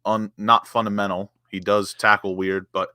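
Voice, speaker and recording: A man's voice: lowish voice, level tone, normal speed, pushed and bright, clean tone, dry recording, clean studio sound. A man, co-hosting a casual football fan chat, passionate and quoting stats as he rates players. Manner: passionate, emotional, quotes stats. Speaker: co-host rating players.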